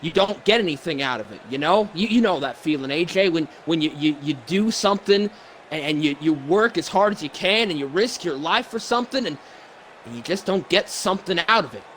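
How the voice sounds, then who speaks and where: A man's voice: on the high side, animated, a bit bright, slight background noise. A man playing a weary, stammering wrestler. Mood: earnest. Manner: halting, stammering restarts. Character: weary, emotional male wrestler, middle-aged, soft-spoken. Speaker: fan performer voicing a pro wrestler. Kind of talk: wrestling promo role-play.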